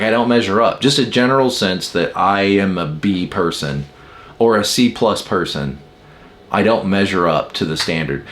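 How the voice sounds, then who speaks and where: Man teaching in a musing, conversational way. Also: fairly low pitch. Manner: conversational, musing aloud with fillers and rhetorical questions. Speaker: personality-type teacher. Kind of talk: casual spoken lesson.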